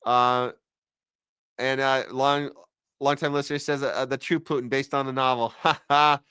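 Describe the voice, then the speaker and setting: Crisp, forceful male podcast host. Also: mid-range voice, little pitch movement, moderate pace, no room sound, clean studio sound. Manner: sarcastic, chatty commentary. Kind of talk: casual live-stream chat reading viewer comments.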